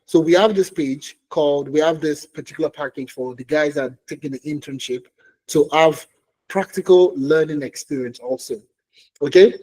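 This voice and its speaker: A man's voice: fairly high pitch, normal speed, a little mellow, low-quality recording. A man presenting a career webinar for tech job seekers, who talks emphatically, repeats key phrases and keeps checking in with "okay?" and "all right?".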